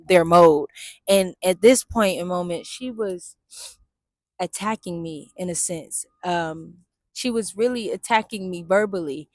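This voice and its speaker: A woman's voice: medium pitch, no echo, clean studio sound. Candid, slangy woman talking outdoors. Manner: candid, slangy and profane, addresses viewers as y'all. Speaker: vlogger and Navy veteran. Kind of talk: casual reflective storytelling. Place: outdoors in the sun and wind.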